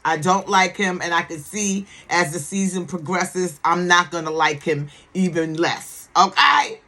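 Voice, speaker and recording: A TV series reviewer speaks a little slowly in a lowish, steady, bright and forceful voice. She comments casually with sass and emphasis, repeating words and regularly asking "okay?" to make sure the listener is with her.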